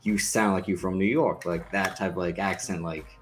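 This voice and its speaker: Podcast guy w/ lowish voice telling a story, lotta "like"s, faint music. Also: steady tone, moderate pace. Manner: storytelling, fills with "like". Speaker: podcast co-host. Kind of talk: casual chat.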